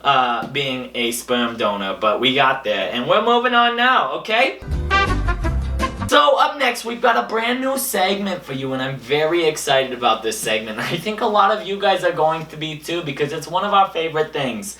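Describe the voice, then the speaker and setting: A young man hosting a comedy show, delivering a deadpan monologue full of absurd boasts, his voice jumping between high and low. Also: moderate pace, faint music behind. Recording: echoey room, a bit far from the mic.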